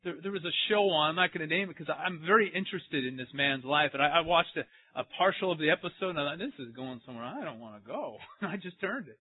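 Speaking quickly and barely pausing, this man's slightly high voice carries a pastor's animated sermon full of questions for the congregation. There's no echo, though the sound comes across tinny, like a phone.

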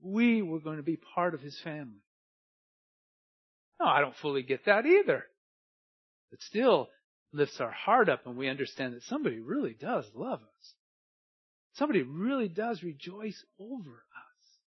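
A man preaching a sermon earnestly, moving between hushed and emphatic delivery, on a dull lo-fi recording. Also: on the high side, big pitch swings, normal speed, pauses often, slightly rough, no echo.

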